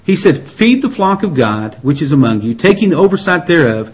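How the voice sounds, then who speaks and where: A man's voice: a little high, sing-song, a little fast. A man preaching a sermon in an earnest, pleading way, often repeating and restarting his words. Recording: dull lo-fi recording.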